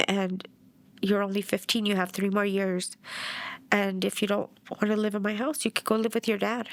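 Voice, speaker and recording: A woman's voice: mid-range voice, level tone, brisk, no echo. A middle-aged woman from New Mexico, a bereaved mother giving documentary interview testimony in a plainspoken way and acting out past dialogue.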